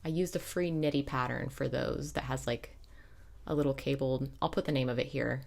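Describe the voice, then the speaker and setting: A young woman with a notably low, deep-set voice talks through her knitting in a relaxed, chatty way. She digresses often and corrects herself mid-sentence, like a host chatting with her regular listeners. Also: normal speed, vocal fry. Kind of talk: casual chat.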